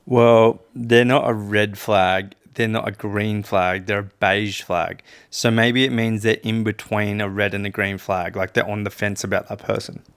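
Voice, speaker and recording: Easygoing male co-host, gravelly and low, casual banter. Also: little pitch movement, measured pace, few pauses, no room sound, studio quality. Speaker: podcast co-host. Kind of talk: casual chat.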